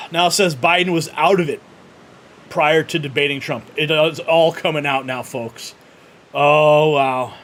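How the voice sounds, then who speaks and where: A man hosting a live news commentary show, reading posts aloud and reacting with excitement. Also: a little high, unhurried. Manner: excited, laughs often, reads posts aloud. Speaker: host.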